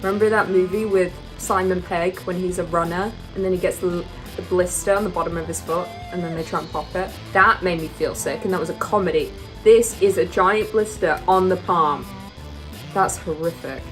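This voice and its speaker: A woman's voice: fairly low pitch, steady tone, moderate pace, a bit bright, soft background music. A woman reacting to gross video clips, squeamish and exclaiming in disgust. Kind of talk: casual reaction commentary.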